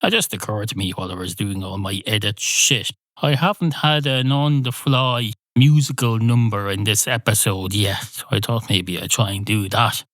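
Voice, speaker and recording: A man's voice: on the low side, normal speed, few pauses, a bit bright, no room sound. A man hosting a solo comedy podcast, rambling through sweary, mock-indignant asides. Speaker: podcast host.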